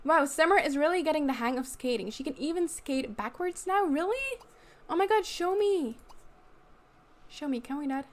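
Bubbly high-voiced young woman gamer. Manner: gushing, giggly, squeals at cute things. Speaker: gaming YouTuber. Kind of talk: casual gameplay commentary. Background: fan noise.

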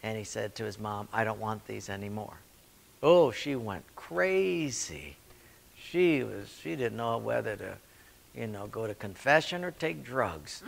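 A male pastor teaching a church leadership class, telling stories and acting out quoted voices with sudden rises in pitch and loudness. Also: creaky. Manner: storytelling, acts out quotes with big swings in pitch and volume. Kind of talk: sermon-style Q&A teaching.

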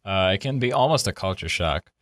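A young man hosting a casual college podcast, relaxed and rambling with lots of fillers. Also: sits low, fairly quick, no room sound. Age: young adult. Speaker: podcast host. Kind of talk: casual chat. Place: college campus.

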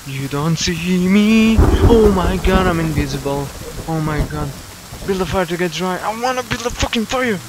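A man's voice: high voice, moderate pace, background noise. Jumpy young man with Slovenian accent, panicky. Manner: jumpy, panicky, swears and repeats himself. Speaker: gaming YouTuber. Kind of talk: scared horror gameplay commentary.

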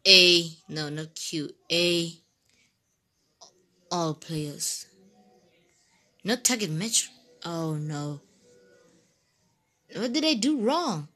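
A woman talks slowly through her game, stammering and getting emotional as she pleads with the creature she made. Her voice is bright and tense, and she keeps up a running commentary for her viewers. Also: on the low side, expressive. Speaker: gaming channel host. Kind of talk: casual gameplay commentary.

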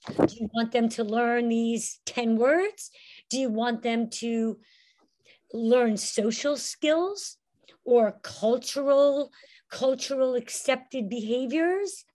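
A woman storyteller, a guest on a podcast, explaining her teaching methods in an animated, expressive way. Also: a little high, slow pace. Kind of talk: lively podcast interview.

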